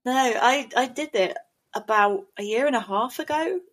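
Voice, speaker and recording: A woman's voice: fairly high pitch, normal speed. Chatty, self-mocking woman host. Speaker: podcast host. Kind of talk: casual podcast chat.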